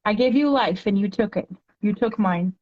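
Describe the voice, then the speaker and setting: A woman's voice: medium pitch, a little mellow, dull audio. Earnest woman reading her own poetry. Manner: earnest, reads poetry slowly and deliberately. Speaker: podcast guest, poet. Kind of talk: conversational talk and reading her own poems aloud.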